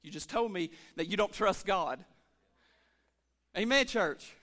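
A man preaching a lively church sermon as pastor, calling for amens and swinging between shouts and hushed asides. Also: high-pitched, measured pace. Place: church sanctuary.

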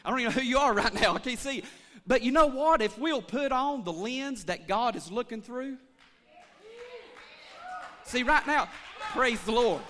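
A man's voice: very high voice, sharp tone. A man preaching an impassioned sermon, calling out to his congregation for responses. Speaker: pastor. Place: church sanctuary. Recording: long church hall reverb.

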